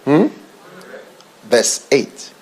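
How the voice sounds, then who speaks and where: A man preaching a sermon as a bishop, dropping to low murmurs and whispers and then rising into excited, lively preaching. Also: drawn-out words.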